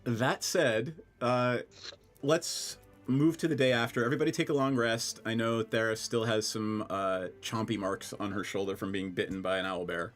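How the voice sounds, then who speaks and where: A man's voice: lowish voice, normal speed, fairly bright tone, faint music behind. A young man from Scranton running a tabletop game as game master, chatty and easygoing, often laughing and trailing off into fillers. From Scranton, Pennsylvania.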